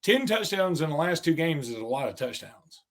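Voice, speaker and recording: A man's voice: a little high, very animated, normal speed. A man co-hosting a sports podcast, asking prediction questions with dry, teasing humor. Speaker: podcast co-host. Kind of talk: casual sports chat.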